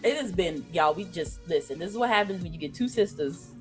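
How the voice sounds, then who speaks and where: A woman's voice: fairly low pitch, fairly quick, faint music behind. A woman from the American South with a Southern accent tinged with Brooklyn, hosting a casual interview in a chatty, joking way. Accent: Southern American with some Brooklyn. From Southern United States. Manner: chatty, joking, animated asides. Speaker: podcast host.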